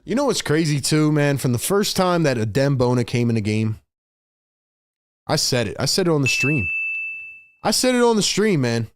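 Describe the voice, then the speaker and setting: A man hosting a live fan stream, calling the game play by play and reacting excitedly while talking to viewers in the chat. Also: mid-range voice, moderate pace. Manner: excitable, shouts big plays, chats with viewers. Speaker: livestream host.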